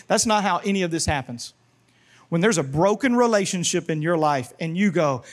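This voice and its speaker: A man with a bright, high-pitched voice preaching to a church congregation. He is animated and theatrical, calling for responses and acting out prayers and characters in his stories. His delivery swings between a near-whisper and loud bursts. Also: a little fast. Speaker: pastor. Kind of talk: sermon.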